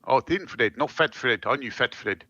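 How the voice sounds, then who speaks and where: A man's voice: mid-range voice, moderate pace, sharp tone, lo-fi sound. A man in a tabletop role-play, speaking in character as an easygoing, scheming crew chemist. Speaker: player.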